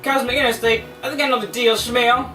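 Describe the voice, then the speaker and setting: A man's voice: extremely high pitch, fairly even intonation, fairly quick, sharp tone, echoey room, recorded from a distance, soft background music, pitched above the performer's own voice. A man doing a brash evil-twin hedgehog. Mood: smug. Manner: attempted Brooklyn tough-guy delivery.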